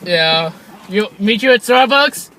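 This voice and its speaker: A man's voice: high voice, lively intonation, takes it slowly, sharp tone, a little hiss or hum. A young man co-hosting a casual film review chat, rambling and leaning on "like" with frequent restarts. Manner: rambling, fills with "like" constantly, restarts a lot. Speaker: podcast co-host.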